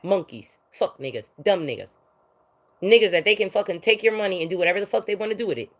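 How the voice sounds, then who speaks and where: A woman giving a heated, profane monologue rant, swinging between loud outbursts and low muttering. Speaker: vlogger.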